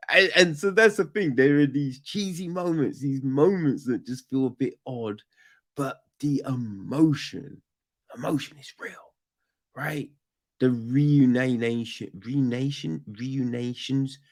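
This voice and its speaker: A man casually reviewing a film on a podcast, rambling and profane, with sudden loud outbursts. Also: mid-range voice.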